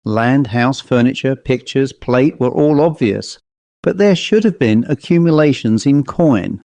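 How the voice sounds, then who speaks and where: Measured male ghost story narrator. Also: mid-range voice, expressive, dark tone, no room sound. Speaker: audiobook narrator.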